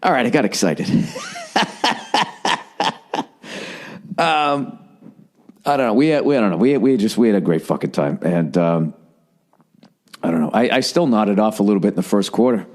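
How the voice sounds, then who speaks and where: A man's voice: lowish voice, animated, fairly quick, a little mellow. Profane rambling middle-aged man. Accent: Boston. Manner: profane, rambling storytelling with lots of swearing. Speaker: podcast host. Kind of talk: casual solo podcast monologue.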